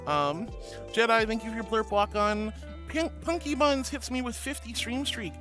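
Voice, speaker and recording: A man with a notably high voice greets his stream chat one by one, calling everyone sweetie and honey. He plays down every compliment in a goofy, self-deprecating way. Clear background music runs under his voice throughout. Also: sing-song, normal speed. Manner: affectionate, calls viewers sweetie and honey. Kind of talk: livestream chat reading. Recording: loud music behind the voice.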